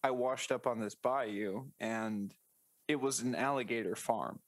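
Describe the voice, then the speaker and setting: A man improvising comedy bits in casual podcast banter, spinning absurd stories with deadpan wordplay. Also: medium pitch, unhurried, no room sound.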